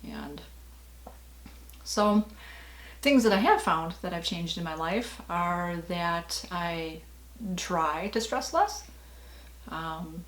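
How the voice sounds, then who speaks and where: A middle-aged woman talks casually to camera in a somewhat low voice and wanders from thought to thought. She leans on fillers and light laughs. The room around her is noticeably echoey. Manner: chatty, rambling, frequent fillers and laughs. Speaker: vlogger. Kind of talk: casual personal vlog talk.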